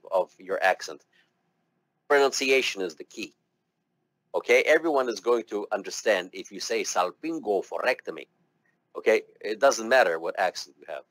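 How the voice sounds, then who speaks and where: A male medical terminology instructor lectures to a classroom, chatty and encouraging as he coaxes students to sound out words. His voice sits at an ordinary middle pitch and is recorded dry and close. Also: a bit bright, no echo.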